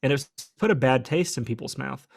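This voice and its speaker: Male podcast co-host, thoughtful, halting delivery with fillers, mid-pitched. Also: gravelly. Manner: thoughtful, many filler pauses. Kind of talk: casual podcast chat.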